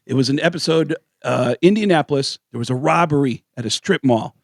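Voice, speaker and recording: A man with a fairly high voice tells stories in a radio studio, acting out every character with wild pitch swings. He comes across as a comedian guest, and the studio mic is close and dry. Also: fairly quick, no echo. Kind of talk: animated storytelling.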